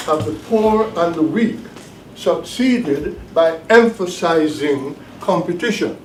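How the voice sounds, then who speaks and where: A man's voice: fairly high pitch, lively intonation, slight background noise. Emphatic lecturing man in an echoey room. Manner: deliberate, emphatic, repeats key points. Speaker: professor leading a course. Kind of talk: classroom lecture. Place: bookstore cafe classroom. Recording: echoey room, mic at a distance.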